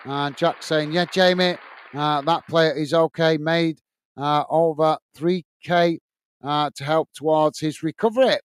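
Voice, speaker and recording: A man's voice: on the high side, smooth, no echo. A man hosting a football watch-along live stream, reading out viewer comments and giving friendly, repetitive sign-offs with many fillers. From England.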